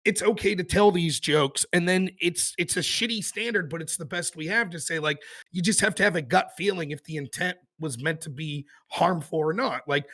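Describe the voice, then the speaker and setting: Husky guy with a highish voice, debating loose and sweary on a call. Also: normal speed, few pauses, a bit bright. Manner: loose, profane, argumentative. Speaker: debate participant. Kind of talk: heated online debate.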